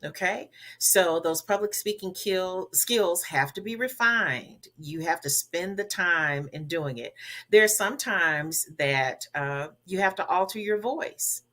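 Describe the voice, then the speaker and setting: A woman's voice: fairly low pitch, expressive, takes it slowly, fairly bright tone. A woman from the Southern United States, a guest who coaches public speaking, giving emphatic advice in a podcast interview. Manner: emphatic and instructive, repeats key words.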